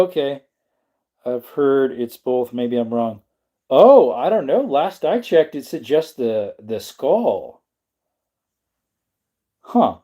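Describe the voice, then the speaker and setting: A man's voice: mid-range voice, warm tone. A man hosting a casual livestream, rambling and answering his chat as he talks. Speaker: livestream host.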